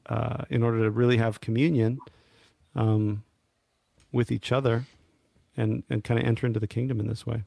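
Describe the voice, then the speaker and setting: Man, gravelly voice, hesitant reflective co-host, dry recording. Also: mid-range voice, little pitch movement, moderate pace, dark tone, dry recording. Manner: hesitant, full of fillers and restarts. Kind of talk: casual reflective conversation.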